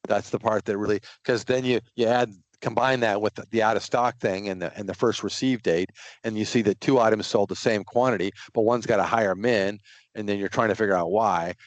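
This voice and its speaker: A middle-aged man leading a casual online training session, talking through number examples in a relaxed way over a video call. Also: lowish voice, a little fast, no room sound. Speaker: software trainer.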